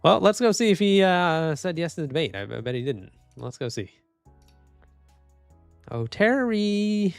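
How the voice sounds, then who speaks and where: A man's voice: fairly high pitch, sing-song, a little slow, gravelly, pauses often, no echo, soft background music. A young man streaming live, making casual commentary as he reads posts and keeps laughing and saying "dude". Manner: laughing, mocking, says dude a lot.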